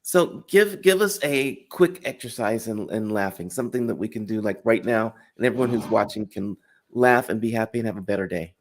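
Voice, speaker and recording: A man hosting an interview show, enthusiastic and chatty, quick to laugh. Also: lowish voice, lively intonation. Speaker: show host. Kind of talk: casual interview chat.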